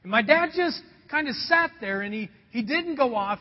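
Preaching from the pulpit, this man from Indiana, USA, tells a heartfelt personal story and calls the congregation folks. He has a very high voice with lively intonation at a normal speed. The recording sounds dull and carries long hall reverb.

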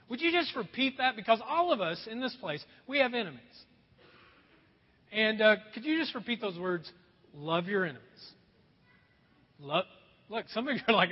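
A man preaches a sermon to his church, his voice high and a little husky. He slips into playful put-on voices to make his points. The sound is muffled and rings with the long echo of a large hall. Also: normal speed. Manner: animated, acts out voices for laughs. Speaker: pastor. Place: church sanctuary. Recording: echoey hall, dull sound.

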